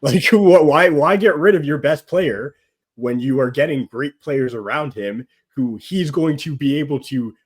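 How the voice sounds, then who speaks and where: A man speaking as a guest on a casual football chat, animated and rambling, often saying "like" and laughing. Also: mid-range voice, moderate pace, slightly rough. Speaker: guest pundit.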